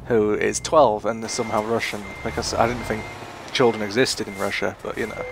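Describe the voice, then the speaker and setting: A man's voice: fairly low pitch, flat delivery, a little fast, vocal fry, noisy background. A young British man, chatting casually and rambling through his gameplay commentary. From Britain. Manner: rambling, chatty, self-mocking. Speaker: gaming YouTuber.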